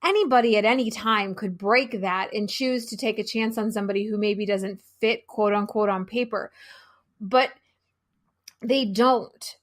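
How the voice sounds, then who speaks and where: A woman who is a guest on a podcast, speaking frankly and deliberately and swearing freely. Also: mid-range voice. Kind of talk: casual podcast conversation.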